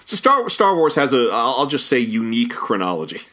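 A man co-hosting a casual podcast about an old cartoon series, lively and chuckling, often stumbling over names. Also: medium pitch, brisk. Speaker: podcast co-host.

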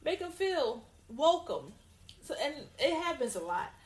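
A woman co-hosting a casual opinion talk, emphatic and repeating her points, with lively put-on greetings. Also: high voice, measured pace. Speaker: co-host.

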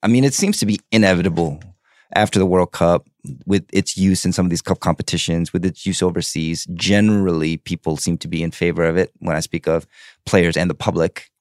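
Deep-voiced chatty man, dry close sound. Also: a little fast, no room sound. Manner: relaxed, chatty, swears casually, frequent "like". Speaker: podcast co-host. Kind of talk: casual sports chat.

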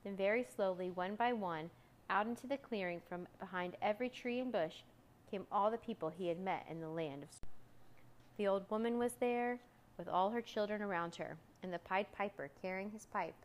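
A woman's voice: mid-range voice, normal speed. Woman reading a children's story aloud.

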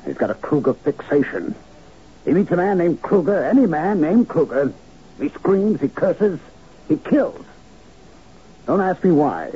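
A man's voice: fairly high pitch, very animated, measured pace, long pauses, slightly rough, exaggerated voice. An actor playing an urgent, worried male manager explaining a secret in a vintage radio drama. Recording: dull lo-fi old radio recording.

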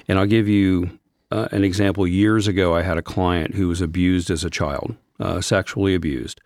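Low-voiced male counselor, earnest and gentle, dry close mic. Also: fairly even intonation, normal speed, no echo. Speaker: Christian counselor and podcast co-host. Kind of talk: reflective faith discussion.

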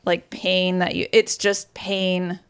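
A young adult woman co-hosting a casual podcast chat, earnest and halting, often repeating herself. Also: lowish voice, little pitch movement, clear, resonant tone. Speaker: podcast co-host.

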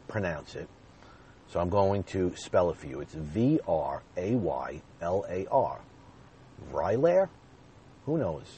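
A man's voice: low voice, a little mellow, slight background noise. A man hosting his own podcast, talking earnestly and directly to his listeners in repeated, plain phrases. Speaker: podcast host. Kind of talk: personal podcast monologue.

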